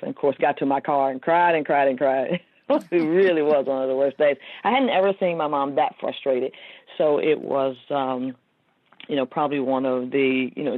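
A woman's voice: extremely low pitch, no echo. A woman in her fifties, a guest author telling a heartfelt personal story in an interview, rambling with many fillers over a tinny phone line. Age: 50s.

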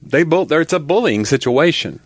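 A man co-hosting a podcast in casual chat, relaxed and joking, acting out little voices in his stories. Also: on the high side, brisk, no room sound, studio quality. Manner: relaxed joke-telling, acts out voices in anecdotes. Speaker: podcast co-host.

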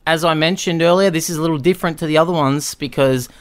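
A man co-hosting a casual film podcast, relaxed and joking, who swears now and then. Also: fairly high pitch, quick pace. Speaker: podcast co-host.

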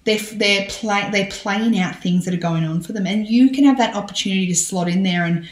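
Chatty, animated woman in an echoey room. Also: mid-range voice, brisk. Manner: animated, expressive and chatty, with many fillers and restarts. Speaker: parenting guest and podcaster. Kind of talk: conversational interview. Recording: roomy echo.

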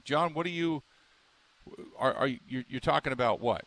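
Excitable sports radio host, bright voice. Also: male voice, mid-range voice, normal speed. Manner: excitable, rambling, emphatic with lots of restarts. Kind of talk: sports talk radio monologue.

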